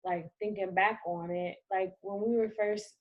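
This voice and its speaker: Husky-voiced giggly woman. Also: mid-range voice, steady tone, moderate pace, narrow, tinny audio. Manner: giggly, chatty, playful. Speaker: podcast co-host. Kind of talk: casual chat.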